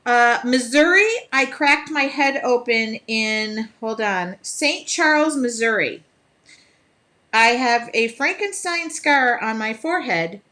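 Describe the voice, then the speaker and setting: Chatty Midwestern woman, art teacher on a live stream, bright ringing voice, slightly high, laughs a lot. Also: animated, takes it slowly. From American Midwest. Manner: chatty, laughs often, sings snatches of songs; reads viewer comments aloud. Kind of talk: casual live-stream chat while painting.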